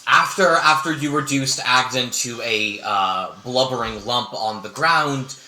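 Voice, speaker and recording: A man hosting and narrating a tabletop game as game master, energetic and profane, teasing his players. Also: mid-range voice, a little slow, reverberant, slight background noise, poor audio.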